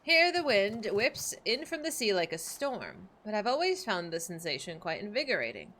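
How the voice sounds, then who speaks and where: A woman's voice: mid-range voice, big pitch swings, moderate pace, fairly bright tone. A woman reading out the formal, old-fashioned lines of an earnest young male scholar from a video game. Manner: reads stiff archaic game dialogue aloud.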